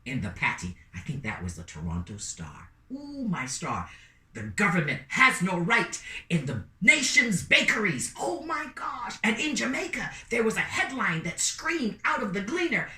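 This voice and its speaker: Woman storyteller, big swoopy voice, bright, kinda far from the mic in a roomy space. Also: medium pitch, unhurried. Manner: lively, playful, calls out to listeners. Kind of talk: animated oral storytelling. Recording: roomy sound from away from the mic.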